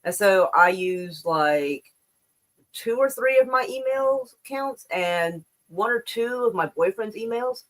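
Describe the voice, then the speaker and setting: A woman's voice: medium pitch, expressive, slow. A slightly out-of-breath woman hosting a casual livestream, rambling and swearing as she reads and comments on the news. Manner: rambling and profane, with many restarts.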